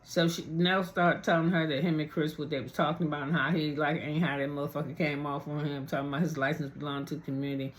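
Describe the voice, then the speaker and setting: A woman vlogger casually recapping a reality TV episode, rambling and cursing freely with colloquial grammar, and jumping her pitch when she acts out quotes. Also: steady tone, fast, few pauses, slight background noise.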